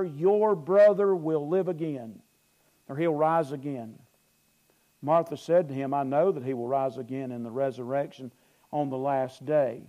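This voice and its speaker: Pastor mid-sermon, a man with a warm, mellow voice pitched a bit high, building to loud peaks and falling back quiet. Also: measured pace. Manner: earnest preaching, swells loud then drops low; repeats words and restarts phrases.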